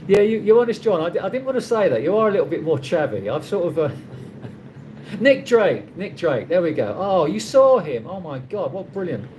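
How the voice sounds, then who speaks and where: The voice is high-pitched and sing-song with a darkish tone, at a moderate pace, heard through a rough recording with slight background noise. It belongs to a middle-aged livestream host from London, England, who speaks with a London accent, chats casually, reads viewer comments, and rambles with many restarts.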